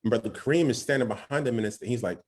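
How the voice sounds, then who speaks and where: A young man telling a personal story on a podcast, excited and nervous, acting out what others said and checking in with "right?". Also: mid-range voice, rapid-fire. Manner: excited, acts out quoted voices, frequent "right?". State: nervous, shaking. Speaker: podcast guest. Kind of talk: storytelling testimony.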